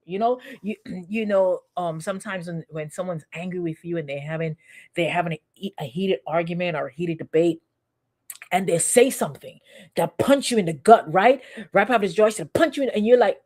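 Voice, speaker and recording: A woman's voice: fairly high pitch, lively intonation, fairly quick, darkish tone. A woman pastor giving a conversational sermon, piling up rhetorical questions and calling out to members of the congregation.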